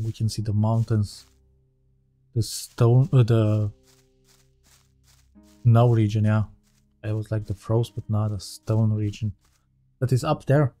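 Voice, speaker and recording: A gaming channel host thinks aloud in casual let's-play commentary while he plays, often correcting himself mid-sentence. His voice is medium-pitched with a dark tone.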